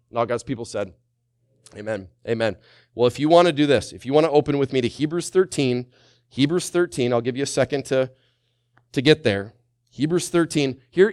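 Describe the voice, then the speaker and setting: A male pastor preaching to his church, moving from a hushed prayer into fervent, call-and-response preaching. His voice sits at an ordinary middle pitch for a man. The sound is close and dry, with little room echo. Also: clean tone. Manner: prays quietly, then preaches with rising, call-and-response intensity. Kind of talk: sermon with congregational prayer.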